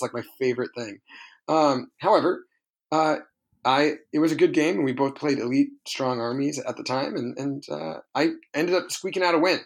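A man's voice: fairly high pitch, vocal fry. A man co-hosting a podcast, recounting a tabletop wargame in a rambling, self-correcting way. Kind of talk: casual podcast chat.

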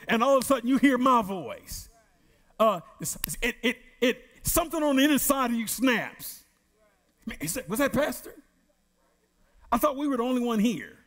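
A man's voice: extremely high pitch, a bit bright, in a large hall. A man preaching as pastor at a Bible study, emphatic, drawing out words and calling on the congregation to answer. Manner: emphatic, drawn-out preaching with call-and-response.

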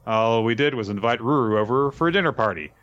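A man's voice: medium pitch, lively intonation, fast, fairly bright tone, natural voice. A man voicing a scheming female god who plays pranks, speaking in a breezy, teasing manner. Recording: dull lo-fi sound.

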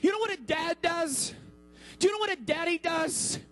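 A man in his thirties preaches a sermon from the pulpit in a very high voice. He builds his points with dramatic pauses and acts out the quotes he tells. A mains hum runs faintly under the recording. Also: a bit bright, soft background music, rough recording. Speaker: pastor.

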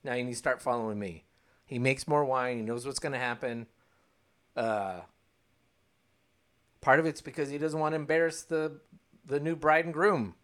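A man's voice: medium pitch, moderate pace, long pauses, fairly bright tone. A man co-hosting a casual discussion podcast, making wry asides and reading a passage aloud. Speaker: podcast co-host.

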